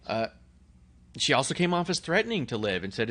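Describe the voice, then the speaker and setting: A man's voice: mid-range voice, lively intonation, quick pace, fairly bright tone. A man co-hosting a casual podcast chat, rambling and laughing often. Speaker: podcast co-host.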